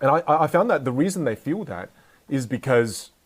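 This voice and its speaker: Energetic man giving a talk. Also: medium pitch, a little fast. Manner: energetic, playful, jokes with the audience. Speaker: speaker teaching communication skills. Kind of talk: live motivational talk to an audience.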